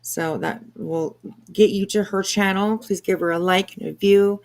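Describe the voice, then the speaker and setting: A woman hosts a casual commentary stream in an easy mid-pitched voice. She chats loosely, swears freely and fills her talk with ums and you-knows. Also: steady tone, moderate pace, darkish tone. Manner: chatty, swears casually, lots of fillers.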